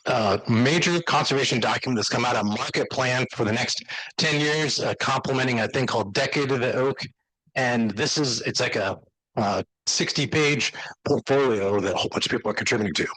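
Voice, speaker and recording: A man giving an enthusiastic, conversational slide lecture to an audience as a university teacher. He talks in a loose, halting way with many restarts. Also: medium pitch, fairly bright tone, no echo, low-quality recording.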